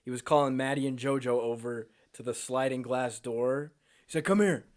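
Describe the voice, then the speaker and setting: A man's voice: mid-range voice, little pitch movement, moderate pace. A young man co-hosting a podcast, chatting loosely and joking, with plenty of swearing. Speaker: podcast co-host. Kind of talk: casual chat.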